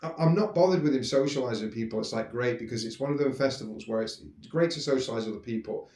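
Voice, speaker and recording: A man, casually telling personal stories in a rambling, animated way, with some swearing. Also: medium pitch, fast talker. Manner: rambling, animated, swears, acts out quoted speech. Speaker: podcast host. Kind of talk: casual storytelling monologue. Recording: roomy echo.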